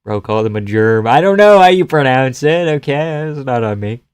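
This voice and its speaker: A man's voice: mid-range voice, lively intonation, moderate pace, a little mellow, clear, resonant tone. Offhand, joking male streamer. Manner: offhand, joking, swears freely. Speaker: live streamer. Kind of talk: casual fight-reaction commentary.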